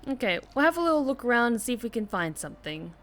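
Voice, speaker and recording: A woman streaming a video game with casual, excitable commentary, often exclaiming and swearing. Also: a little high, fast talker.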